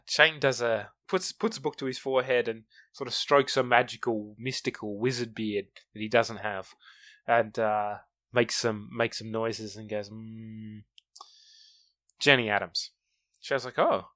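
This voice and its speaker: A man's voice: on the low side, fairly even intonation, a little slow, sharp tone. A man hosting a podcast, chatting casually and retelling scenes from an episode. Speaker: podcast host. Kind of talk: casual chat recapping an episode.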